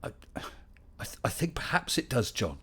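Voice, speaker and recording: A man's voice: mid-range voice, very animated, moderate pace, a bit bright, husky. A middle-aged man hosting a casual live Q&A stream, chatting and reading out viewer questions with dry humor.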